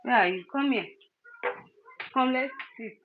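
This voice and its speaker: A woman's voice: fairly high pitch, takes it slowly. A young woman at home, coaxing and scolding a small child in a playful way, with turns of phrase. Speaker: vlogger and mother. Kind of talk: casual home vlog, talking to a small child. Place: home, indoors. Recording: dull lo-fi home recording with faint noise.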